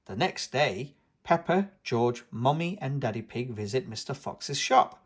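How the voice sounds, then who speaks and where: Brief: lively male storyteller for toddlers' read-alouds, lots of pitch movement. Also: measured pace, husky. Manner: animated storybook narration. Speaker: channel host reading aloud. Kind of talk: children's read-aloud narration.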